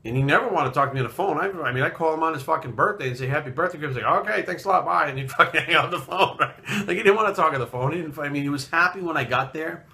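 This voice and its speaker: This fitness vlogger, a Rhode Island man in his late thirties, races along with hardly any pauses in a fairly high, animated, bright, forceful voice. It's casual storytelling: a personal tale told bluntly and ramblingly, heavy on profanity.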